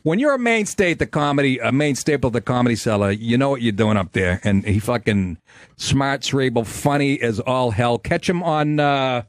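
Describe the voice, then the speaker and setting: A man's voice: medium pitch, moderate pace, no room sound, clean studio sound. A man hosting a comedy podcast, telling stories in a crude, laughing, casual way. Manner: crude, laughing, animated storytelling. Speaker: podcast host.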